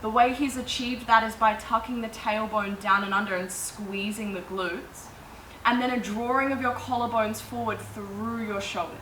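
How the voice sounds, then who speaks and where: Yoga teacher woman, calm breath cues, roomy echo. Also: fairly high pitch, moderate pace, distant mic, slight background noise. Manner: calm, cueing breath and movement step by step. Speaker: yoga instructor. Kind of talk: guided yoga class instruction. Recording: echoey room, faint ambience.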